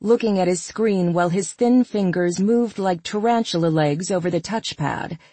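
A woman narrating an audiobook, even and unhurried, with a slightly husky midrange voice. The sound is dry and close. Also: on the low side, dry recording. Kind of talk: scripted narration.

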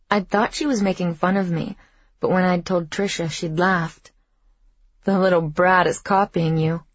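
A woman reading a first-person audiobook in a measured, reflective way, with a husky voice. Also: fairly low pitch, no room sound, muffled recording. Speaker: audiobook narrator.

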